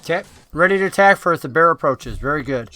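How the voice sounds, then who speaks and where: A man's voice: fairly high pitch, animated, fast, pushed and bright, soft background music. A man narrating as dungeon master in a tabletop game, describing scenes in a casual way with many fillers.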